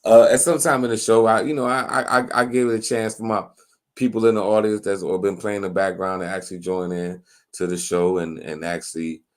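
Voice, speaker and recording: Halting low-voiced man hosting a live stream. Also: level tone. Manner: halting, many restarts and fillers, reads out viewer comments. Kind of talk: casual live stream chat.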